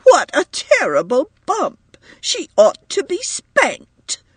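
Male reader as an anxious young mother in a storybook: high, fretful, reproachful. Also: huge pitch swings, takes it slowly, no room sound, full character voice. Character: anxious young mother, shrill when upset.

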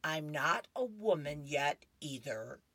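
A woman's voice: deep voice, lively intonation, takes it slowly, a bit bright, dry recording, exaggerated voice. A woman voicing a prim, bookish comic-strip girl who talks in a matter-of-fact way.

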